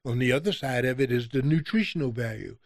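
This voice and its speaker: A man's voice: mid-range voice, animated, fast, dry recording, clean studio sound. A man, a podcast guest, talking conversationally and acting out quoted exchanges in a raised voice. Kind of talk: conversational storytelling.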